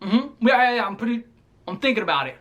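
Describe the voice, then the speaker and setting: A man in his twenties who tells a story in a casual, animated and profane way, full of slang, as a vlogger. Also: very high-pitched, quick pace, dull audio. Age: 20s.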